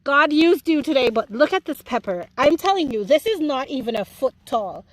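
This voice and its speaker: A woman's voice: high-pitched, animated, moderate pace, no echo, low-quality recording. A woman with a Jamaican accent giving a chatty, playful tour of her home garden. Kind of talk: casual garden tour vlog.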